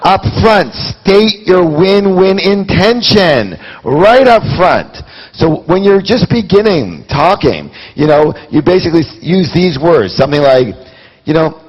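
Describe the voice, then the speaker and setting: A man's voice: high voice, big pitch swings, a little slow, breathy edge, long reverb tail, lo-fi sound. A man giving a live motivational seminar, quizzing his audience with rhetorical questions. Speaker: seminar speaker.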